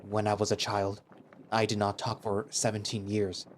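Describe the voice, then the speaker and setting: A man's voice: lowish voice, completely flat delivery, normal speed, slight background noise, close to an everyday voice. A man voicing a stern male beast-man warrior who speaks tersely and formally, without contractions. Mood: blunt.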